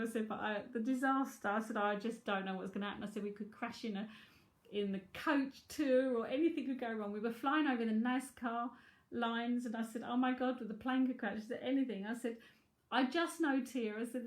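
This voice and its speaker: Middle-aged lady psychic, chatty and frank, kinda high voice, roomy echo. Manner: chatty, frank and laughing often. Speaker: psychic tarot reader. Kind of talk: casual livestream chat.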